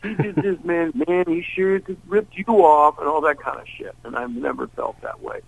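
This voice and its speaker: A man's voice: on the high side, fairly even intonation, moderate pace, vocal fry, poor audio. An older man, a blues singer interviewed as a guest, telling rambling anecdotes and acting out the voices of people in them. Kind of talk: casual storytelling interview.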